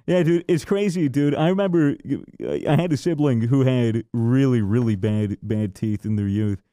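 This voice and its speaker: A man's voice: medium pitch, normal speed, dark tone, no room sound, clean studio sound. A man from the United States co-hosting a podcast, telling stories in casual chat with lots of swearing and acted-out quotes. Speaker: podcast co-host.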